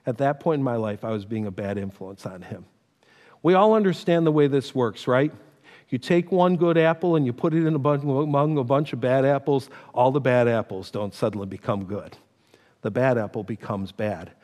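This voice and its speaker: A man's voice: mid-range voice, normal speed, darkish tone. A middle-aged man preaching a sermon in a church, conversational and emphatic, weaving in personal stories. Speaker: pastor. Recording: long hall reverb.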